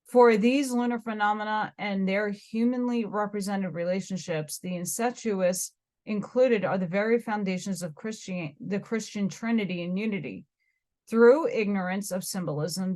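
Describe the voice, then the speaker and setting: A woman's voice: mid-range voice, a little mellow. An American woman reading a dense old book aloud, stumbling over hard words and restarting them. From United States. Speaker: reader.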